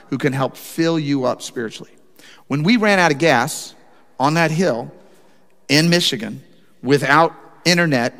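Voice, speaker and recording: A man preaching a sermon, telling a personal story and speaking straight to his congregation in an animated way. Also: fairly high pitch, long reverb tail. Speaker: pastor.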